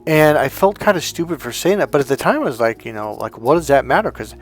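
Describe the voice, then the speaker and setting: A man's voice: on the high side, very animated, quick pace, soft background music. A man working as a life coach, telling a personal story in a reflective, conversational way with restarts and fillers.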